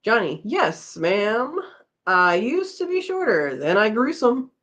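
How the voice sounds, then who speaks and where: A woman's voice: on the high side, big pitch swings, slow, fairly bright tone. A tired woman hosting a casual live chat, reading out viewer comments and chatting back with a laugh. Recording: slightly dull lo-fi audio.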